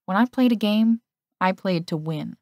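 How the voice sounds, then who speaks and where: A woman voices a teasing teenage boy, smug and taunting. She speaks at medium pitch and normal speed, expressively and a little mellow, close to an everyday voice, in a clean studio recording with no echo.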